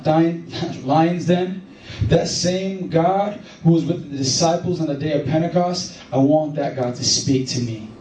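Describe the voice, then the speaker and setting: A man preaching a sermon as pastor, telling stories in an animated way and rising to excited emphasis. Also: fairly high pitch. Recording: echoey room from far off.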